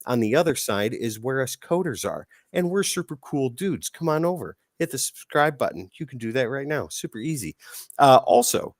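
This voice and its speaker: Casting: male host, mid-pitched, hyped announcer patter, playful, dry close-mic sound. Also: animated, moderate pace, dry recording. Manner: playful, showman-like announcing with big swings in loudness.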